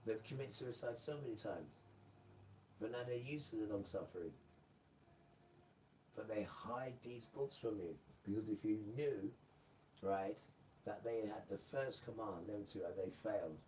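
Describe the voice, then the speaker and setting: A man's voice: on the low side, unhurried, pauses often, a little mellow. A man giving a rambling, emphatic live-stream monologue, often turning to his audience. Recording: distant mic with faint room noise.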